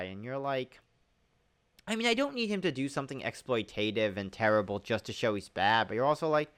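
A man's voice: fairly high pitch, fairly bright tone, smooth. A man rambling casually about a TV series, leaning heavily on "like" and laughing at its plot holes.

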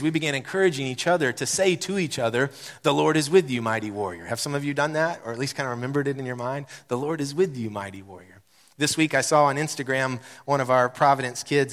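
A man in his thirties preaching a sermon, animated and building to loud repeated declarations. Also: mid-range voice, in a large hall. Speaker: pastor. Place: church sanctuary.

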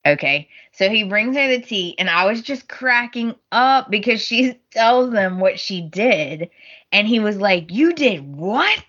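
This podcast co-host has a medium-pitched voice and a measured pace. Chatting casually about a soap opera, she acts out scenes and characters' lines, staying animated and laughing often. The audio is dull lo-fi.

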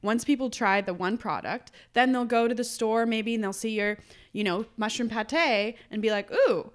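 A woman's voice: on the high side, moderate pace. A woman, a food business co-owner, telling stories in a casual podcast conversation and acting out her customers. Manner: animated storytelling, acts out customer quotes.

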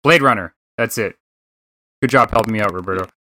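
Casual gaming-show host, male, Canadian accent, bright dry voice, rambling and swearing. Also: on the low side, fairly quick, dry recording. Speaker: podcast host.

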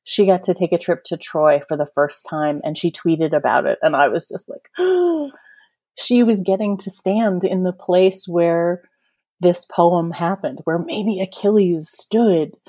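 A woman guest author talking casually on a podcast, effusive and gushing, slowing down to savor her points. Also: lowish voice, mellow. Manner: effusive, gushing, slows for emphasis.

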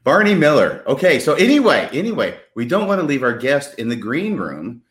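Joking guy co-hosting a live show, bouncy pitch, roomy echo. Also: huge pitch swings, a little fast, a bit bright. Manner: playful, joking, effusive. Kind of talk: casual live show banter.

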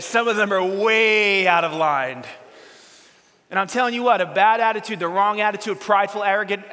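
A man's voice: high voice, bright, forceful tone. A man preaching a casual, conversational sermon as a pastor, chatty and often asking the congregation questions. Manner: chatty, asks the audience questions, repeats words as he goes. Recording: long church hall reverb.

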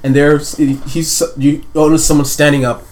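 A man narrating as game master of a tabletop game, stammering and breaking into shrill character voices. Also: little pitch movement, moderate pace, a little mellow. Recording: noisy home recording.

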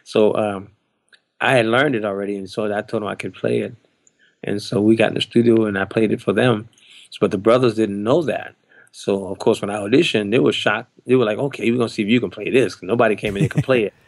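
Man in his 60s, a drummer, animated storyteller; gravelly voice, dry close recording. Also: on the low side, a little fast, no echo. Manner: animated, acts out quoted voices. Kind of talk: anecdotal storytelling.

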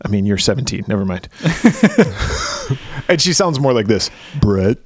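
A man's voice: mid-range voice, sing-song, normal speed, no echo. A man in his thirties co-hosting a podcast, recapping a movie in crude, casual banter, swearing, laughing and rambling. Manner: profane, laughing, rambling storyteller. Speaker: podcast co-host.

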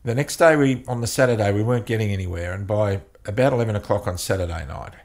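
A man with a very deep voice tells a story from his work as a couples counselor. He speaks in halting bursts, often repeating words before pushing on. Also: darkish tone. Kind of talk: storytelling in an interview.

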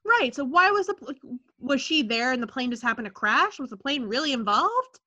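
A woman co-hosting a casual TV show discussion, talking in an animated, ranting way with lots of "like". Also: sits high, normal speed, highs cut off.

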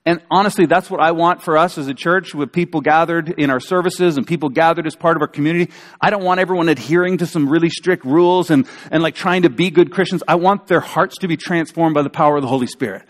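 A man preaching a sermon as a pastor, in a conversational, animated storytelling way with acted-out quotes. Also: a little high, fast. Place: church sanctuary. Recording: church hall reverb.

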